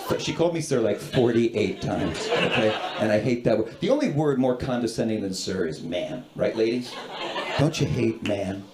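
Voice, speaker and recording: A man's voice: on the low side, normal speed, crowd noise. A man performing a stand-up comedy set on a club stage, telling stories and acting out the people in them in put-on voices. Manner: animated, acts out characters in voices. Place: comedy club stage before a laughing audience. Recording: roomy club with loud audience noise.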